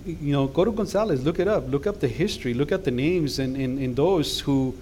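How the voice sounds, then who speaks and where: A man's voice: on the high side, fairly quick, a little mellow, slight background noise. A middle-aged man, a guest pastor preaching an impassioned sermon in a church that swells into emphatic calls to action. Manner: impassioned, rising to emphatic exhortations. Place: church sanctuary.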